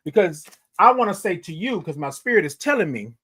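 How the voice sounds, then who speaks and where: High-pitched guy hosting a morning show, preachy motivational talk, keeps saying y'all and repeating himself. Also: sing-song, a little fast, fairly bright tone, slightly rough. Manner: preacherly, addresses listeners as y'all, repeats phrases for emphasis. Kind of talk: motivational spoken monologue.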